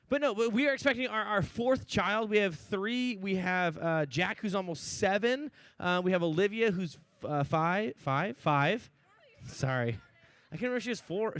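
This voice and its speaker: High-voiced joking young pastor. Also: male voice, no echo. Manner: joking, chatty, many "like"s and "right?". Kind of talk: casual sermon.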